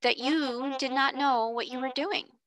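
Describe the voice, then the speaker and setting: A woman doing a calm, proud little princess of a girl. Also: high-pitched, a little slow, no room sound, pitched above the performer's own voice. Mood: composed. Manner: grand, polite and composed. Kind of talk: storybook reading.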